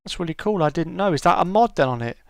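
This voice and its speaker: A man's voice: high voice, animated, fast talker, creaky, no room sound, studio quality. A middle-aged man hosting a casual live-stream chat, greeting viewers by name and calling them mate.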